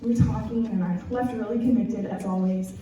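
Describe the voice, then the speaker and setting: A woman's voice: medium pitch, fairly even intonation, a little fast, dark tone, slight background noise. A young woman from Texas with a Texan accent gives a youth-group sermon, telling a personal story in an earnest, candid, chatty way. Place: church youth room, recorded from a distance. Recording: echoey room heard from far off.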